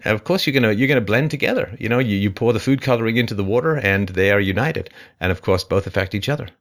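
On his call-in advice program, a man talks with emphasis, tossing out rhetorical questions as his voice swings animatedly up and down.

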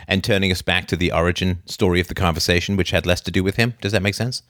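A low-voiced male host giving blunt, emphatic advice on a call-in show, cursing casually. The sound is dry and close. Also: fairly even intonation, fast talker, a bit bright, no echo.

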